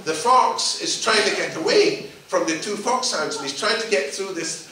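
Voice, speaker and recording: A man telling a folk tale aloud in a lively, animated way. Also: sits high, normal speed, crowd noise. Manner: lively, animated voices for each character. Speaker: storyteller. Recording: echoey room, mic far off.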